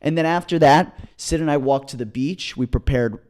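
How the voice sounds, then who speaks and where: A man co-hosting a podcast, telling a long story in an excited, rambling way, with many restarts. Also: a little high, normal speed. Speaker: podcast co-host. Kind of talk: casual storytelling chat.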